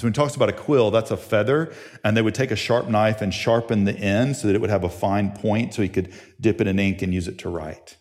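A man preaching a sermon as pastor, telling a family story, his voice climbing in excited stretches and falling to soft, near-whispered ones. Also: on the low side, fairly quick. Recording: long hall reverb.

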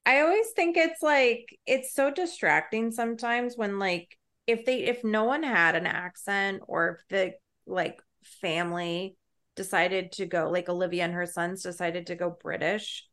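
A woman's voice: medium pitch, unhurried, fairly bright tone. Emphatic woman podcast co-host. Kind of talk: casual chat.

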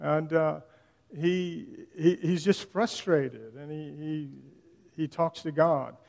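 Pastor, man, high voice, casual sermon delivery, long church-hall reverb. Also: fairly even intonation, slow, vocal fry, a little mellow. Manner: conversational, retells scripture in plain slang.

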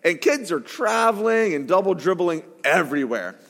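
A man in his forties delivers a sermon in a fairly high voice, with a self-mocking storytelling manner. He sometimes bursts into shouted quotes. His voice carries a long echo, as if from a large hall. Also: very animated, normal speed. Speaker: pastor. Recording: echoey hall reverb.

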